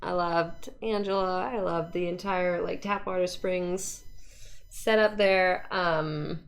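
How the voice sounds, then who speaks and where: A woman's voice: fairly low pitch, steady tone, slow. A young woman from Canada, a cosplayer chatting casually as an interview guest, laughing often and mimicking voices.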